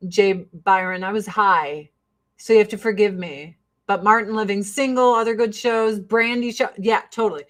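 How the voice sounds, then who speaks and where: A middle-aged woman hosting a casual talk show, rambling and swearing as she tells stories. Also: medium pitch. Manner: rambling, profane, animated storytelling. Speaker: podcast host. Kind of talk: casual chat.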